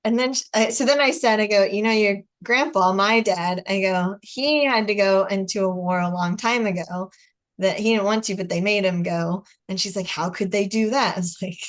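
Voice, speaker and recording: A woman's voice: medium pitch, normal speed. Chatty American woman on a video call. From United States. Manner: chatty storyteller, laughs often, acts out dialogue. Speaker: host. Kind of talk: casual chat on a video call.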